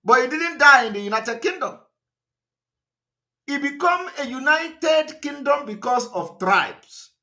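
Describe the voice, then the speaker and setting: A man's voice: lively intonation, measured pace, bright, forceful tone. A man giving a live political broadcast, emphatic and repetitive, firing rhetorical questions at his listeners. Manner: fillers and restarts, pitch swings up and down.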